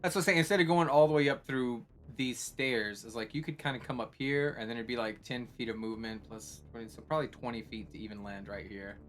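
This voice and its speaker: A man's voice: medium pitch, quick pace, few pauses, soft background music. A man running a tabletop game as game master, explaining rules and describing scenes in a casual, laughing way.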